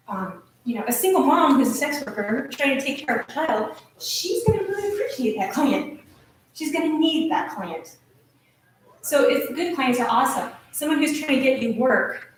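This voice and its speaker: A woman's voice: on the high side, far from the mic. Female speaker, nervous but earnest address to a meeting; very echoey room, recorded from afar with noise behind. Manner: earnest, nervous, with restarts and laughs. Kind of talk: emotional speech. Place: meeting hall.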